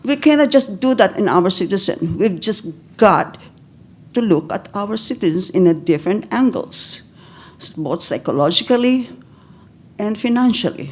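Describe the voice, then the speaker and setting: An older woman from the Philippines, giving emotional public comment at a county board meeting, pleading and halting with broken-off restarts, close to tears. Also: mid-range voice, animated.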